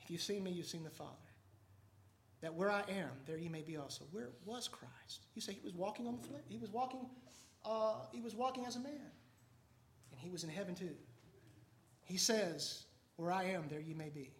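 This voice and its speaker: A man preaching a sermon with fervor, swinging from hushed, low passages to loud, soaring ones. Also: normal speed, a little hiss or hum. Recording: echoey room.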